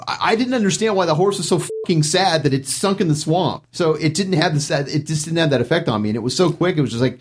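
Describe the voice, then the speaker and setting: Podcast co-host, man, husky and animated, profane ranter. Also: a little high, quick pace, few pauses. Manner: ranting, swears freely. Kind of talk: casual podcast chat.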